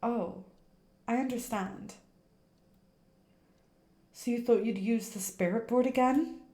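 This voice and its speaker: A woman reading aloud as a cheerful teenage schoolgirl who sticks up for her friends. The voice sits high and eager, with a slow, unhurried delivery. It echoes in a roomy space over faint game music. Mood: puzzled. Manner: bright, eager, affectionate.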